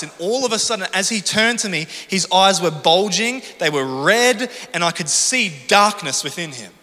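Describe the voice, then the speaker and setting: A man's voice: high-pitched, sharp tone. Man, preacher, sermon, emphatic storytelling, long church-hall reverb. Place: church stage.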